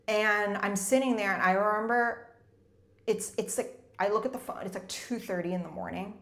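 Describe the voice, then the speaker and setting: Woman vlogger, chatty storyteller, mid-pitched, echoey room. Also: moderate pace, a bit bright. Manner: rambling, fills nearly every phrase with "like". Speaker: debut novelist and former corporate executive. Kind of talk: casual personal storytelling. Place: her home in Munich.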